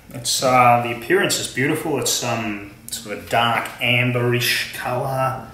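A man's voice: mid-range voice, normal speed, bright, forceful tone, reverberant, slight background noise, poor audio. A man from Australia reviewing a beer at home in a casual tasting vlog, chatty and wry, with many fillers and asides.

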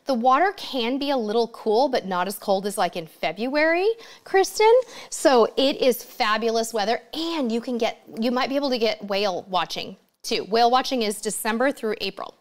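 A woman hosts a casual live-stream Q&A from her home setup. She talks in a chatty, enthusiastic way and reads out viewer questions as they come in. Her voice sits a little on the high side. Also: lively intonation, normal speed. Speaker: livestream host answering viewer questions.

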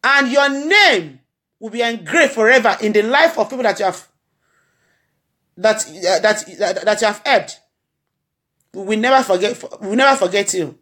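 A woman with a Nigerian accent speaks a memorial tribute while grieving. Her voice sits at an ordinary pitch for a woman. She repeats lines in an earnest, preacher-like rhythm. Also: animated, normal speed, pauses often, fairly bright tone. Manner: earnest, repetitive, preacher-like cadence. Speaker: blogger addressing her followers.

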